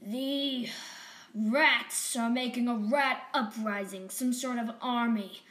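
Resolute female cat leader, read by a woman, storybook, slow and firm. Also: on the high side, fairly even intonation, fairly bright tone, roomy sound. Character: determined female cat leader, friend to all realms.

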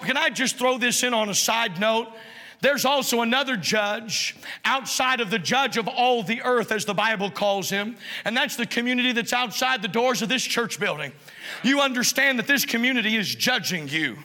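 A man pastor preaching a sermon in a church, impassioned and at times shouting. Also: very high voice, moderate pace, long reverb tail. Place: church sanctuary.

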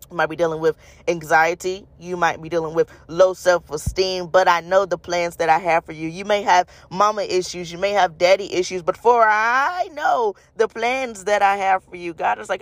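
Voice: mid-range voice, fairly even intonation, moderate pace, no room sound. A preacher giving an impassioned devotional message, repeating phrases for emphasis and speaking straight to the listeners. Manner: calls out to the audience with "y'all" and "you guys".

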